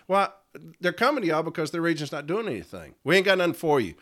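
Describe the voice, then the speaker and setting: A man's voice: a little high, sing-song, fast, fairly bright tone. Laughing, profane man. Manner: laughs often, blunt and profane. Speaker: podcast host and letter carriers' union advocate. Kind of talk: storytelling rant.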